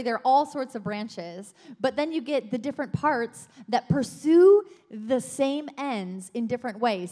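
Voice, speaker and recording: A middle-aged woman sharing personal stories from her marriage during a sermon, dropping softly at the ends of lines. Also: fairly high pitch. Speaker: pastor's wife, co-speaker. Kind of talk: sermon testimony.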